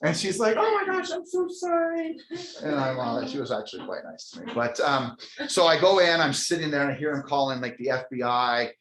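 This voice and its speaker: A man's voice: medium pitch, lively intonation, a little fast, few pauses, a bit bright. Man telling a funny story in an echoey room. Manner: self-mocking, chatty, with frequent restarts. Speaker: company CEO. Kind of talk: humorous storytelling to a live audience. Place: stage in a large room.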